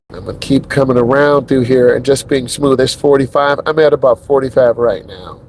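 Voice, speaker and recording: A middle-aged man, a driving instructor, talking casually and emphatically while driving a car. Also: a little high. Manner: emphatic and repetitive, chatty. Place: inside a car.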